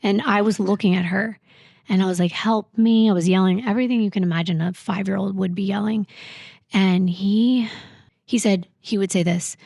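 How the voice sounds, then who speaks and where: A woman guest on a podcast, recounting a painful personal story in a halting, reflective way full of fillers. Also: medium pitch, steady tone, creaky, darkish tone, no echo, clean studio sound.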